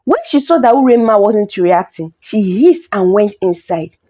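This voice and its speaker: A woman narrating a folk story in an expressive storytelling way. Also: mid-range voice, moderate pace. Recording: dull lo-fi recording.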